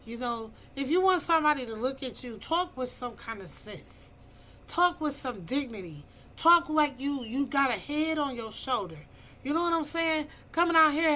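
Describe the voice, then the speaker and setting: A woman's voice: high voice, animated, moderate pace, sharp tone, rough recording. A woman in her fifties talking bluntly and preachily into her phone about dating, with emphatic outbursts. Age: 50s. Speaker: vlogger giving dating advice. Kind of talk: casual opinionated monologue.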